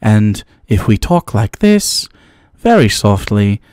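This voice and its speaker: A man putting on a soft-spoken, smarmy male pundit with a put-on English accent, talking slowly and hushed. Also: fairly low pitch, sing-song, clean tone, dry recording, clean studio sound, pitched below the performer's own voice. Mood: smug.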